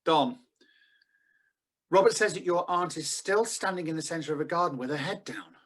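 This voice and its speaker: A man with a British accent playing a calm, serious paranormal expert who is relaying messages over the phone in a radio drama. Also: on the high side, moderate pace. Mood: grave. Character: calm, grave male paranormal doctor. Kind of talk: amateur radio-play acting.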